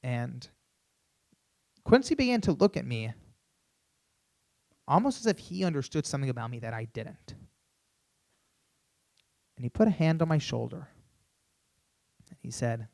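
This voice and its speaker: A young man giving a keynote on a conference stage, telling an animated story through a stage microphone, with many "you know"s. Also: medium pitch, moderate pace, long pauses. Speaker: keynote speaker.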